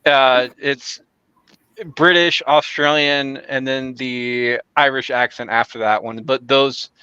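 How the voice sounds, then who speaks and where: A man hosts a podcast in loose, rambling chat full of fillers. His voice is bright and crisp, and the sound is dry. The recording is slightly dull and lo-fi. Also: medium pitch, steady tone, slow, no echo. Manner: rambling, many fillers and restarts. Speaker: podcast host. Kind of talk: casual chat.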